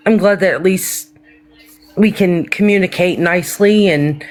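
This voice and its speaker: A man joining a livestream as a guest, talking in a hesitant, halting, affectionate way. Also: sits high. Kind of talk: casual livestream chat.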